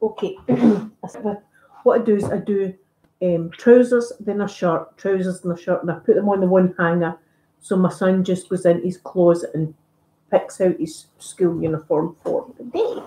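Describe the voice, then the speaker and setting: Speaking in a low-leaning, mellow voice at a normal pace, this Scottish woman keeps her intonation fairly even. She's an ASMR YouTuber ironing at home during a live stream, chatting in a rambling, self-deprecating way, and the recording carries an echoey room sound.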